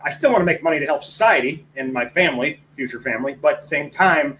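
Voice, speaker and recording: A man speaking as a guest on a talk show, in a bright, fairly high voice. He talks bluntly and outspokenly and then apologizes for what he said. Faint noise sits beneath the recording. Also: fast, low-quality recording. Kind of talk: casual political chat.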